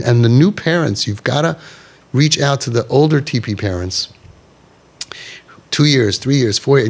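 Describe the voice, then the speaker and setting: A middle-aged man leading a parents' group, talking emphatically and repeating himself, with Yiddish and Hebrew words mixed in. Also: mid-range voice. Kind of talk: animated talk to a parents' group.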